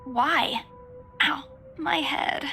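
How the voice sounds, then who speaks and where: A woman's voice: high voice, drawn-out words, sharp tone, faint music behind, exaggerated voice. A woman voicing a young female agent who is groggy and confused after a fall. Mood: dazed. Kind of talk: game voice acting.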